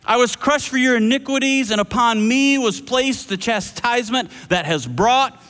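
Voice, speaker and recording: A man speaking as a calm, reassuring risen teacher, giving emphatic short declarations in a higher voice than his own. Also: moderate pace, big-room sound.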